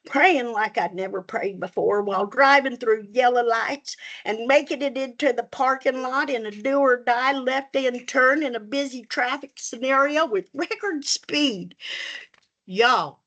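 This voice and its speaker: A woman's voice: sits high, measured pace, a bit bright. A woman reading her own comic personal story aloud at a reading, with folksy Southern turns of phrase. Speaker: student reader. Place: reading event room.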